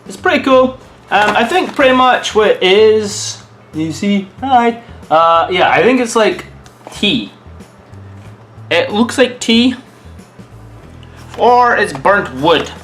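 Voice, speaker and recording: With soft music playing behind him, a man from Scotland speaks in a high voice at a slow pace, leaving long pauses. His taste-test vlog is casual and animated as he thinks aloud while eating.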